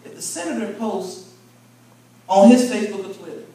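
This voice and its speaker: A man's voice: high voice, normal speed, mellow. A man, a bishop, teaching in a conversational sermon with folksy, vernacular speech and call-and-response with the congregation, recorded from far off in an echoing hall. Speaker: bishop, preacher. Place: large church convention hall. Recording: echoey hall from far off, faint room noise.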